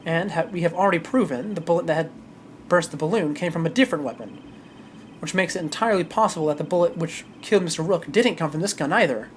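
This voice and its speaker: A streamer voicing a precise, composed male prosecutor with measured, formal delivery while reading a game aloud. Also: mid-range voice, slight background noise, close to an everyday voice.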